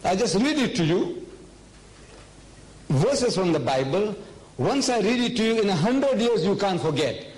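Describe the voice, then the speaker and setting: An older man with a South African accent giving an emphatic public lecture on religion, full of rhetorical questions, sometimes dropping to a low murmur. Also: sing-song, unhurried, long pauses, a little mellow, poor audio.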